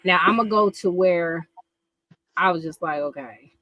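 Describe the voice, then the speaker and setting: A woman's voice: on the low side, a little slow, fairly bright tone, dry recording. A woman co-hosting a reaction livestream, chatting casually in a blunt, slangy, emphatic way.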